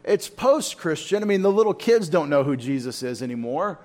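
A man's voice: on the high side, very animated, moderate pace, hardly any pauses, a little mellow. A man leads a church Bible study in a loose, conversational way. He often turns to his listeners with questions. His voice sits a little above the usual male range. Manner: informal, asks the room questions. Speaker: Bible teacher.

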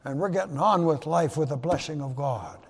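High-voiced preacher in an echoing hall. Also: male voice, fairly quick, slightly rough. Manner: emphatic preaching, voice swings up loud for rhetorical questions. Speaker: pastor. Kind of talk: sermon. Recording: long reverb of a large hall.

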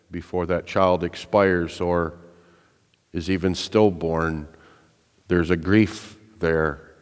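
A man preaching a sermon in an earnest, emphatic way, putting rhetorical questions to his listeners. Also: low voice. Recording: reverberant hall.

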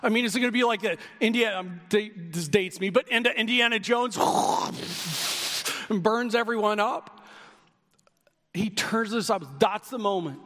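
Man, pastor, sermon, unhurried delivery, bright tone, long hall reverb. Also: sits high. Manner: animated preaching, shouts key lines.

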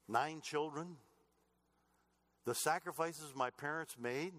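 Delivering a sermon, a middle-aged pastor shares family stories with real earnestness, alternating emphatic, loud statements with quiet, low-voiced asides.

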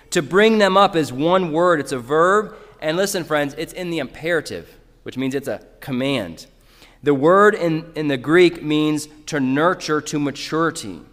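A man's voice: fairly high pitch, expressive, moderate pace, fairly bright tone, in a large hall. A man preaching a sermon in a church, earnestly addressing parents directly. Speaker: pastor.

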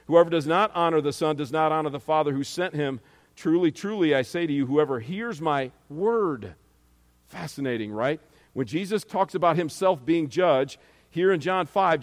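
A man's voice: fairly high pitch, in a large hall. A man preaching a sermon as pastor, earnestly reading and explaining scripture to his congregation.

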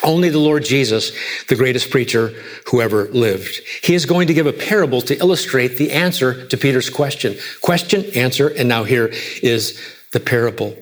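A man preaching a sermon, emphatic, asking rhetorical questions and swinging between soft low lines and raised high ones. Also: moderate pace. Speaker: pastor.

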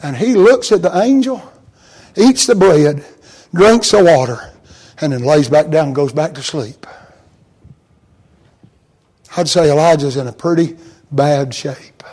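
A man preaching a sermon in a folksy, plain-spoken way, swinging from hushed storytelling to shouted emphasis. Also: fairly high pitch, lively intonation, moderate pace, slightly rough.

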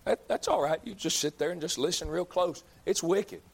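A man preaching a fiery sermon, hammering his points with repetition and rising to shouts. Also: a little high, moderate pace, vocal fry, slightly rough. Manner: emphatic, repeats lines, builds to shouts.

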